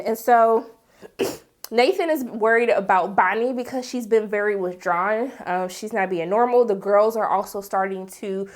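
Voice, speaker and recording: A lively woman with a somewhat high voice recaps a TV episode in an easy, slangy way. She keeps slipping into playful impressions of the characters as she talks. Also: normal speed. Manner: animated, slangy, acts out characters' lines. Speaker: TV series reviewer.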